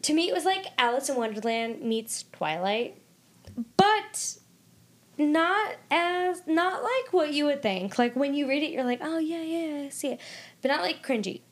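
A woman's voice: high voice, very animated, a little slow. A woman co-hosting a book podcast in casual chat, gushing and dramatic, with lots of "like". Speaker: podcast co-host.

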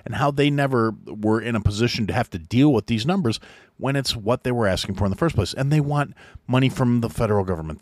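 Man, podcast host, angry profane rant, lowish voice, dry close sound. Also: darkish tone, dry recording.

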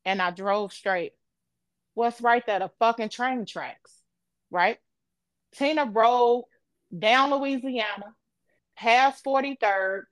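A woman's voice: on the high side, slow pace, long pauses, dry recording. A woman on a podcast, retelling an emotional personal story in vivid, casual speech. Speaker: podcast co-host.

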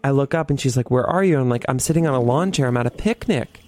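A man's voice: mid-range voice, fast talker. Chatty young man telling a story. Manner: animated, swears a lot, heavy use of "like". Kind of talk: casual storytelling.

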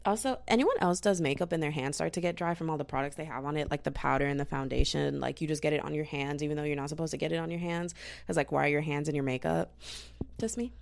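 A woman's voice: deep voice, fast talker, creaky. Goofy young woman rambling through makeup. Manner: goofy, rambling, self-mocking, talks to viewers as "y'all" and "girl". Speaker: makeup vlogger. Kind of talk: casual chatty makeup tutorial. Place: bedroom. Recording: poor quality audio.

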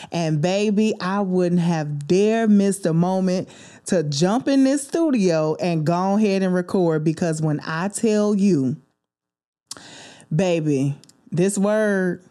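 A woman's voice: on the low side, mellow. A young woman hosting a faith-based solo podcast from a studio, speaking in an emotional, preachy way and calling listeners baby and homegirl. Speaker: podcast host. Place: recording studio.

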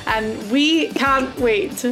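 A woman's voice: high-pitched, extremely slow, over loud music. Chatty woman podcast co-host. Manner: chatty, enthusiastic, laughs easily. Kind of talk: casual chat.

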